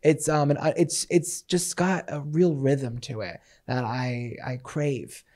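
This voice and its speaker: This young man co-hosts a chatty podcast in a voice of ordinary pitch for a man. He talks playfully and giggles often. He rambles along with plenty of ums. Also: fairly even intonation, slow pace, a little mellow. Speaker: podcast co-host. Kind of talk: casual chat.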